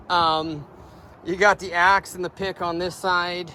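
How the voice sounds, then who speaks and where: A man's voice: high voice, flat delivery, unhurried, bright, forceful tone, slight background noise. A man walking around a truck he is selling, talking casually and rambling with many fillers. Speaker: vehicle seller. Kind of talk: casual walkaround sales video.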